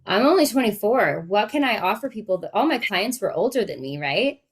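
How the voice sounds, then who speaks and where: Woman life coach in her late 30s, chatty podcast talk, mid pitch, candid. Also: sing-song, fairly quick, slightly rough. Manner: chatty and candid, many fillers. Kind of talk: casual podcast chat.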